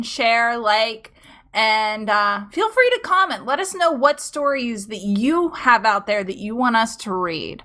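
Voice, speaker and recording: A woman's voice: a little high, slow pace, bright, forceful tone. A woman co-hosting a casual chat about online stories, giggling often as she talks. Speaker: co-host reading stories.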